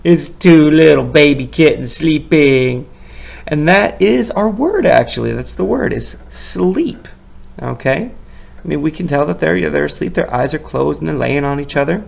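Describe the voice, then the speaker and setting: Slow, gravelly-voiced male teacher. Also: fairly high pitch. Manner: patient, sounds out letters and praises often. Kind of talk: recorded lesson for young children.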